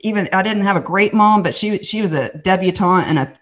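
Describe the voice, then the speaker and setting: A woman from the States, a podcast guest giving a candid personal testimony as an animated storyteller with many restarts and asides. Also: medium pitch, a little fast. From Southern United States.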